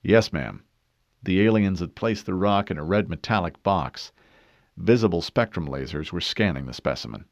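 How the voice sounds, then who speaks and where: A man narrating an audiobook in a steady, measured way. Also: low voice, no room sound. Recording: dull dry studio read.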